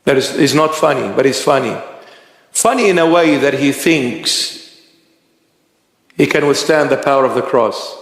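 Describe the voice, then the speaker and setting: A man preaching a sermon as a bishop, impassioned, with rhetorical questions and dramatic swings of pitch. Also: normal speed, long pauses. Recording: echoey church hall reverb.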